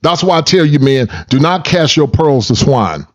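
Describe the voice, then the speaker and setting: A man's voice: on the high side, lively intonation, moderate pace, a little mellow, muffled recording. A man hosting a reaction commentary, preachy and repetitive, mocking the people he reacts to. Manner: preachy, repeats words, mocking impressions. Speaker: commentary channel host reacting to clips.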